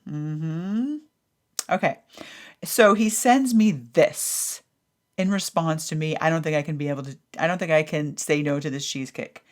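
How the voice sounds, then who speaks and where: Woman podcast host with a slightly low voice, telling a story with lively emotion. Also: fairly quick. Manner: animated, acts out her own thoughts in a raised voice, swears casually. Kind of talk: personal storytelling monologue.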